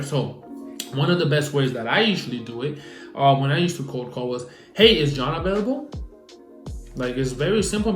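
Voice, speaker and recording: A young man coaching on social media marketing in a casual advice vlog, animated and repetitive, acting out phone calls. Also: a little high, roomy sound. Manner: animated, repeats himself, acts out phone calls.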